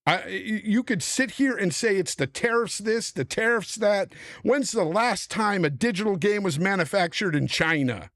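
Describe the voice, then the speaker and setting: A man's voice: sits high, moderate pace, few pauses, fairly bright tone, dry recording, studio quality. A middle-aged man hosting a podcast panel, on a heated, profane rant about the industry. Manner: angry, profane, emphatic ranting. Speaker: podcast host.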